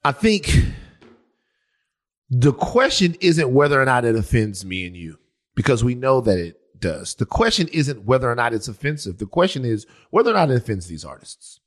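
A man co-hosting a podcast in a casual, jokey debate, talking with quick, animated asides. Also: mid-range voice. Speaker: podcast co-host.

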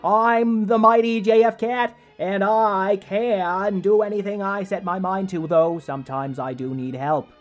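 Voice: medium pitch, steady tone, unhurried, hardly any pauses, faint music behind, lightly acted. A performer voicing a confident, boastful male cat who wears a gas mask, sounding slightly muffled.

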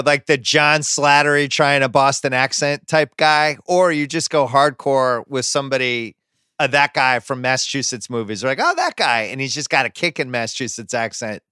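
Guy podcast host, bright crisp voice, opinionated and riffing, dry close mic. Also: mid-range voice, no echo. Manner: opinionated, riffing, animated asides. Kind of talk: casual pop-culture chat.

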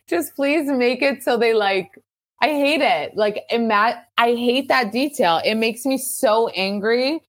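A woman's voice: on the high side, unhurried. A woman guest on a podcast, ranting emphatically and swearing in casual chat. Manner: animated, profane, emphatic ranting.

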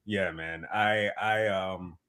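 Bright-voiced man talking sports as a guest. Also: deep voice, slow pace. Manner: animated, emphatic storyteller. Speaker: podcast guest. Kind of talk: casual sports chat.

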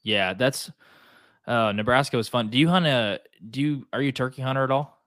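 A man with a Southern US accent, telling hunting stories in a relaxed, casual chat. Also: mid-range voice, brisk, no room sound. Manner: relaxed storyteller, frequent "like".

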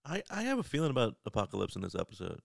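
A man's voice: on the low side, wildly swooping pitch, racing, gravelly, dry recording, clean studio sound. A man co-hosting a podcast, adding wry asides and offhand theories during a cartoon recap. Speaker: podcast co-host. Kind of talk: casual recap chat.

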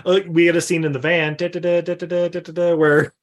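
Guy recapping a movie, laughs a lot, bit high voice. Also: little pitch movement. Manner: laughs often, retells scenes in quick quoted voices. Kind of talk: casual movie recap chat.

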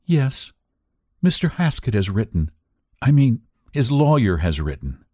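A man voicing an anxious, genteel young wife who speaks softly and hesitantly. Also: mid-range voice, very animated, a little slow, no echo, clean studio sound, pitched above the performer's own voice. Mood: worried, apologetic. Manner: soft, hesitant, apologetic.

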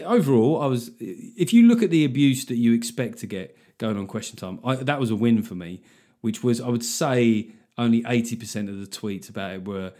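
Brief: male comedian, self-mocking, rambling solo podcast monologue, ordinary pitch. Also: mellow.

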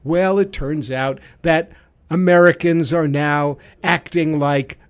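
High-voiced sarcastic radio host. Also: male voice, steady tone, takes it slowly, clear, resonant tone. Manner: sarcastic, jokey storytelling. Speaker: radio talk show host. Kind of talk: casual talk radio monologue.

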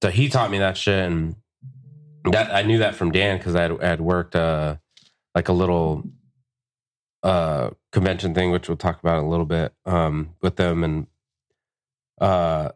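A man's voice: deep voice, fairly even intonation, normal speed, long pauses. A man in a casual podcast chat, telling a rowdy, profanity-laced story and acting out the quotes. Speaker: podcast guest, tattoo artist. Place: tattoo shop podcast room.

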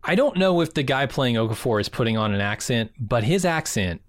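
A man's voice: medium pitch, lively intonation, a little fast, no echo. Guy cohosting a tv recap podcast, dry joking tone, mid voice, dead dry room. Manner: wry, joking. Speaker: podcast co-host. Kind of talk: casual chat.

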